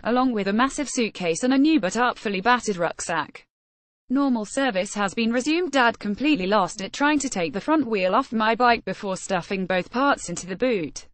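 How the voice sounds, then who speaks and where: A woman reading a memoir aloud in a steady, measured audiobook style. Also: mid-range voice, no room sound.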